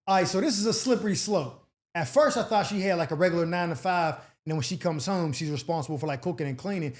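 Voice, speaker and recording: Animated high-voiced man giving advice. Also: quick pace. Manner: animated slang-heavy delivery, acts out quoted people. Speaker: advice show host. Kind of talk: casual advice commentary reading letters.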